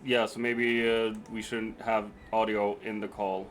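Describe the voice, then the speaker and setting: A man's voice: fairly low pitch, level tone, a little slow, very noisy. A man streaming a game, chatting casually, joking, swearing and laughing easily with friends. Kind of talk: casual chat while gaming on stream.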